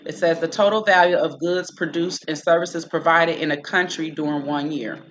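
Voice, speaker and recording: A woman's voice: deep voice, fairly even intonation, normal speed, muffled recording, a little hiss or hum. A woman hosting a live-stream explainer, working methodically through a list of figures with frequent checks of "okay?". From United States. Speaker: host.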